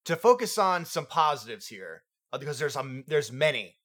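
A man co-hosting a casual film review chat, animated and acting out characters' lines as he retells scenes. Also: a little high, moderate pace. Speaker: podcast co-host.

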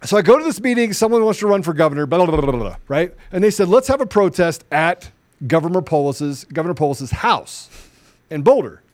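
A middle-aged man co-hosting a talk show, telling a story in quoted dialogue and turning low and soft when serious. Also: very animated, fairly quick, no echo. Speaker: show co-host. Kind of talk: conversational storytelling.

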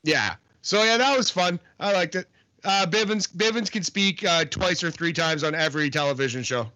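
A man's voice: a little high, normal speed, pushed and bright. A man co-hosting a podcast, giving a loose, laughing review of wrestling matches. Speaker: podcast co-host. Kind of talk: casual wrestling review chat.

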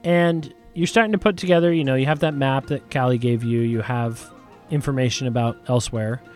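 A man narrating as game master, describing the scene in a relaxed, hedging way. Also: medium pitch, brisk, faint music behind. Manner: relaxed, descriptive, many hedges.

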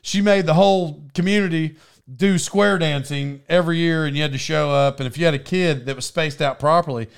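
A man's voice: a little high, a little fast, gravelly, clear, resonant tone. A man telling rambling stories in casual chat, laughing as he goes.

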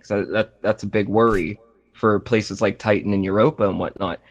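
A man's voice: lowish voice, fairly quick. Male podcast co-host, rambling and enthusiastic, slightly muffled mic. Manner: rambling, enthusiastic, many fillers and restarts. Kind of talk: casual podcast chat about games. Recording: slightly dull lo-fi audio.

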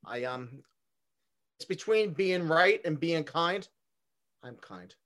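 A man, joining a casual podcast chat with dry, deadpan remarks. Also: a little high, takes it slowly.

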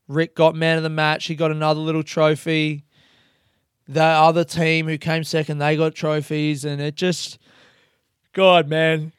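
Profane, excitable man hosting a podcast. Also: a little high, smooth, no echo, clean studio sound. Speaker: podcast host. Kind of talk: casual chat.

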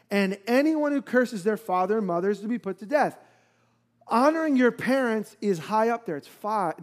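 A man's voice: sits high, a little mellow. A man preaching a sermon, explaining scripture in a conversational teaching manner with occasional fillers. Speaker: pastor.

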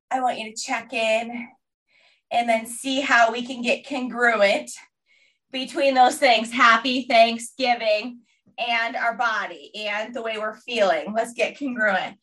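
A woman's voice: on the high side, steady tone, slow pace, bright, forceful tone, recorded from a distance. A woman leading a guided movement and mindfulness class, upbeat and encouraging as she cues movement and breathing. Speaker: fitness class instructor.

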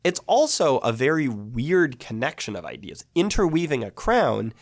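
A man's voice: mid-range voice, very animated, normal speed, no echo, clean studio sound. A man teaching biblical poetry in a patient, methodical lecture, explaining each point step by step.

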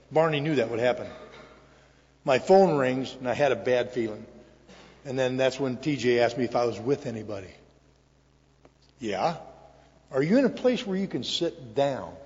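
An older man giving an earnest, emotional personal testimony to an audience in a large hall, with pauses and restarts. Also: mid-range voice. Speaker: recovery meeting speaker. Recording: echoey hall, dull lo-fi sound.

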